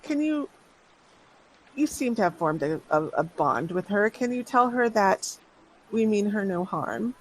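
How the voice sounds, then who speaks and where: An earnest, gentle male doctor from a tabletop role-play, put on by the game master. He speaks in a measured way and turns firm and indignant over injustice. His voice sits in an ordinary middle pitch. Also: animated, slight background noise, lightly acted, low-quality recording. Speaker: game master voicing a character.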